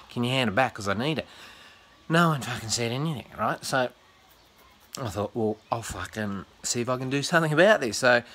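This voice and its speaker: A man's voice: mid-range voice, a bit bright. An Australian man telling a long, rambling story in casual vlog talk, swearing constantly and acting out the people he quotes. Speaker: comedian vlogger.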